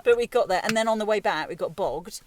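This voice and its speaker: A woman's voice: medium pitch, quick pace, far from the mic, a crowd in the background. A woman hosting a casual chat, telling stories and laughing while driving and walking outdoors. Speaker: host.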